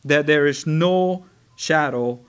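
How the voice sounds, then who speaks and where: A male pastor delivers a sermon in a fairly high voice. He talks at an unhurried pace and reads scripture with drawn-out weight. When he stresses a point, his voice climbs and gets louder. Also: clean tone. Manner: slow, earnest preaching with drawn-out scripture reading; rises in pitch and volume when stressing a point.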